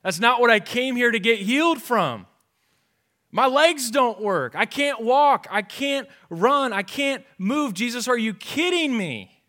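A man's voice: very high-pitched, lively intonation, bright, forceful tone, pitched above the performer's own voice, heavily acted. A man doing an exasperated paralyzed man. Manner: exasperated, pleading, drawn-out complaints. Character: frustrated paralyzed man pleading with Jesus.

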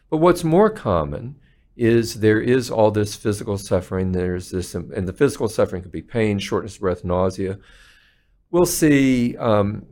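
A man's voice: lowish voice, expressive, moderate pace, a little mellow. A male palliative care physician, a podcast guest, speaking earnestly and acting out patients' words as he tells stories. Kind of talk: conversational interview.

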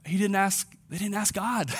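A pastor giving a conversational sermon, slowing down and dropping his voice for emphasis. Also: sits high, a bit bright, husky. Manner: conversational preaching, slows for emphasis.

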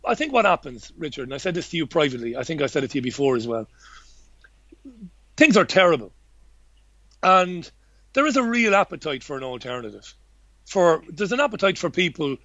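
Here a man with a slightly high, fairly bright voice is interviewed casually about his journalism work. He's blunt and rambling, restarting frequently and occasionally swearing, and the recording is dry, dull, and lo-fi.

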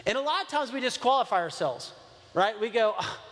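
A man's voice: very high-pitched, lively intonation, fairly quick, fairly bright tone. A man preaching as a pastor, earnest and conversational, repeating key phrases for emphasis. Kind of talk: sermon. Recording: long reverb of a large hall.

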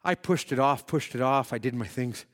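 A man preaching a sermon who swings between shouted peaks and hushed, drawn-out passages, telling stories with quoted voices. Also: medium pitch. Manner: dramatic storytelling with quoted voices.

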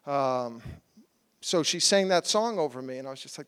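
A man preaching in an animated storytelling style, acting out his own quotes with sudden loud and soft turns. His voice sits a little high for a man. It carries the long echo of a large hall. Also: moderate pace, clean tone. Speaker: preacher sharing a testimony. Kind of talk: sermon testimony.

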